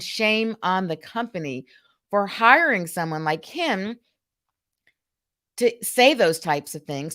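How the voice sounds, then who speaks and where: A woman hosting a casual live stream recounts a story with animated exasperation. Her pitch sits mid-range for a woman. She sounds talked into a desktop microphone. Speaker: host.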